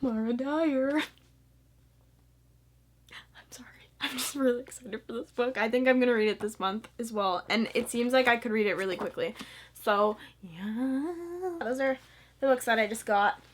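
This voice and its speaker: A young woman chatting casually about books to her camera, bubbly and excitable, full of fillers and eager asides. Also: a little high, moderate pace, slight background noise. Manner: bubbly and excitable, lots of fillers, squeals and laughs. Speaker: book vlogger. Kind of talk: casual chat.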